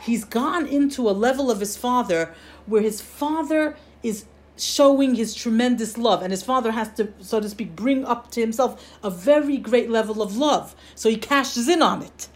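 A woman teaching a religious lesson, telling a parable in an animated way and often restarting her sentences. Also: fairly high pitch, moderate pace. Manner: animated storytelling with frequent restarts. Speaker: Torah teacher.

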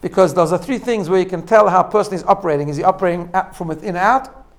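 Man teaching with a slightly high voice. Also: fast talker. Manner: explanatory, repeats phrases, frequent tag "right?". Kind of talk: spoken lesson on self-growth.

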